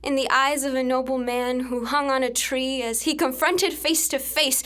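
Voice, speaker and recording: A young woman performing a spoken word poem with an intense, dramatic delivery that swings between hushed passages and urgent outbursts. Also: high-pitched, steady tone, normal speed, few pauses.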